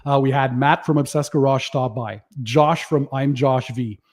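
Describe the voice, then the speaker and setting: Easygoing man giving friendly shout-outs. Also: mid-range voice, normal speed. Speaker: livestream host, detailing channel owner. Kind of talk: casual livestream chat.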